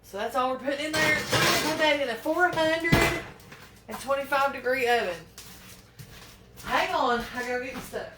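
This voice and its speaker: Her voice is high-pitched and moderately paced as she cooks at home, chatting in a folksy way and fretting through her fumbles. This home cooking vlogger's demo is recorded far from the mic, with heavy background noise, echo, and pans clattering.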